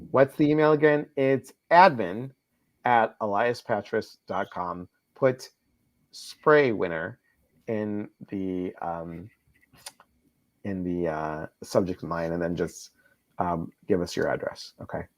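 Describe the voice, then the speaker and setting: A man hosting a casual live-stream chat, reading viewers' comments aloud and answering them. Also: lowish voice. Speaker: host. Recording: slightly dull lo-fi stream audio.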